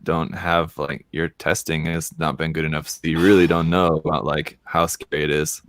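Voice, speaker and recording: A man in casual chat, talking quickly and loosely with many fillers. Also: a bass voice, little pitch movement, no echo. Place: lives in Korea.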